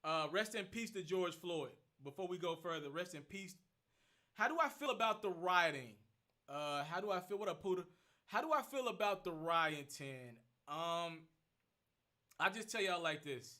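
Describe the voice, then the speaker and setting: A young man hosting a casual phone livestream, rattling off rapid shout-outs to viewers and answering their questions. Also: high voice, animated. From Memphis. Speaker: livestream host.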